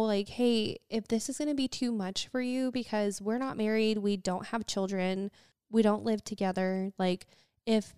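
Smooth-voiced young woman telling a story. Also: mid-range voice, a little mellow, no echo, studio quality. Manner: chatty storytelling, quotes people, many fillers. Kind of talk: casual conversation.

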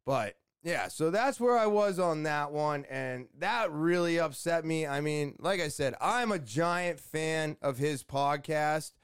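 A man's voice: a little high, animated, slow pace, few pauses, clean tone, no room sound, studio quality. A man hosting a podcast, talking in a rambling, blunt way with swearing and lots of fillers. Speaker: podcast host. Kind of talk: casual podcast rant.

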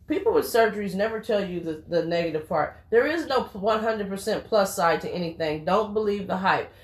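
A woman's voice: medium pitch, expressive, a little fast, reverberant. A woman co-hosting a casual talk show, blunt and preachy, who swears casually. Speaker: podcast co-host. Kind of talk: casual chat.

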